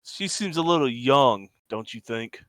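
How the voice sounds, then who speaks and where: A man voicing a hulking, menacing cyborg guard who works for a corporation, with gruff, clipped threats. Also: medium pitch, expressive, measured pace, fairly bright tone, no echo.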